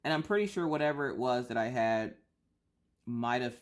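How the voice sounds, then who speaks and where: Coloring for her craft channel, this woman talks casually through a stuffy nose at a normal speed, her voice a low rumble. Her griping is exaggerated and lively, built around rhetorical questions.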